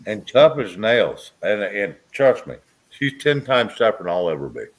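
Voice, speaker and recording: A man's voice: on the low side, very animated, moderate pace. A man chatting casually as host, blunt and joking, laughing often. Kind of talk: casual chat.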